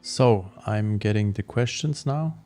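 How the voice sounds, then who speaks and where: A man hosting a podcast in a relaxed, casual way. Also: lowish voice, a little slow, faint music behind. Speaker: podcast host.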